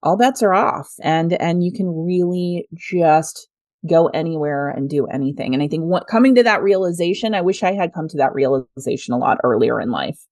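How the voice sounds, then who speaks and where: A woman's voice: low voice, lively intonation, normal speed, a little mellow, no room sound, studio quality. A woman in her thirties, a business executive answering interview questions in an earnest, reflective way with frequent laughs. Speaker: guest, revenue executive. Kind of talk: conversational interview.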